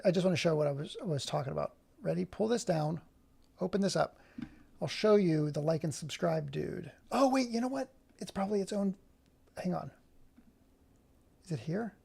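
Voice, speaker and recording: Brief: male streamer, gravelly voice, rambling, keeps cutting himself off mid-thought. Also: sits high, a little mellow. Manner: rambling, self-interrupting. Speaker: livestream host. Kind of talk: casual livestream chat.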